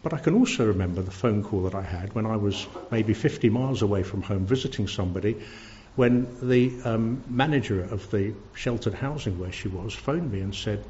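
Animated man preaching a sermon. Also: a little fast, slight background noise. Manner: earnest, repeats words when stressed, lively rises in pitch. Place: church service. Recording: dull lo-fi recording.

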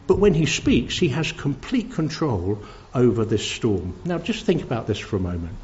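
A man's voice: a little high, sing-song, moderate pace, a little mellow, slight background noise. A man preaching a sermon at a church service, earnest, stumbling over repeated words when stressed. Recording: dull lo-fi recording.

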